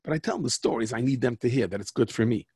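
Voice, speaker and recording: A man's voice: medium pitch, racing, a little mellow, husky, no room sound, studio quality, natural voice. A man playing a village news-teller from an old folk tale, explaining his lies in a sly, matter-of-fact way. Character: lying shtetl news-teller, older man.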